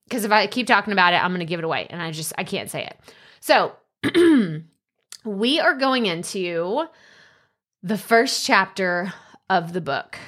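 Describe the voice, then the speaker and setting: A woman, chatty and lively, reads her own book aloud as a podcast host. Her voice is bright and forward, and she keeps dropping in "like" and "okay" along the way. She sounds relaxed and informal, speaking from her home office. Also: mid-range voice.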